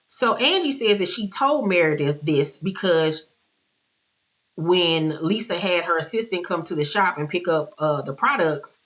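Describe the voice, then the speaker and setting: A woman giving a casual recap of a reality TV episode, loud and brash with slang and swearing, often laughing and jumping high in pitch for mock outrage. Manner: animated, loud, with frequent laughter.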